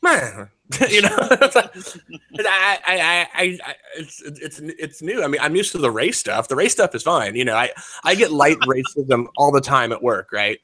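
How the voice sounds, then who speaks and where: A man's voice: fairly high pitch, lively intonation, normal speed, pushed and bright. A man in his forties talking in a rambling, profane way, full of fillers and restarts. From United States. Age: 40s. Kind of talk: casual chat.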